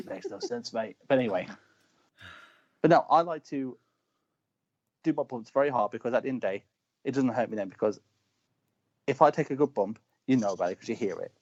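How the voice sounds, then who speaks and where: A young man talks casually as an interview guest, rambling through stories and arguing back with a joke. His pitch sits at a medium level. The audio is slightly dull and lo-fi. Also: lively intonation, brisk, long pauses, a little mellow, no room sound. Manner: rambling, joking, argues back. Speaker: guest, wrestler. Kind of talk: casual chat.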